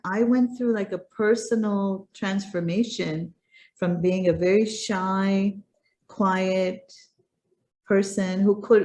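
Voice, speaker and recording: A woman's voice: medium pitch, darkish tone. Earnest woman telling a personal story. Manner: earnest, repeats words for emphasis. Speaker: guest speaker.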